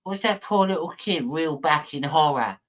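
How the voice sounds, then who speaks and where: A man's voice: a little high, animated, moderate pace. A man giving casual reaction commentary on a video he is watching, chatty and mocking, often stumbling over his words.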